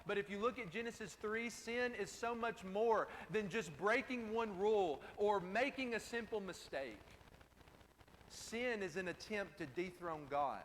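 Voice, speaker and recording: High-voiced preacher in a reverberant hall. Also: male voice, a little slow, a bit bright, slight background noise. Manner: emphatic, repeats key phrases. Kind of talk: sermon. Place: church sanctuary. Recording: distant, reverberant hall with faint ambience.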